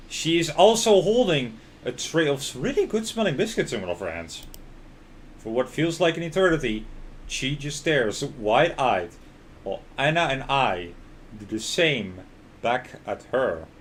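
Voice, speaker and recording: A man streaming a game and reading its story aloud, slipping into laughs and panicky outbursts. His voice sits at an average pitch. A faint noise hangs in the background. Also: big pitch swings, measured pace. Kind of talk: reading a visual novel aloud while playing.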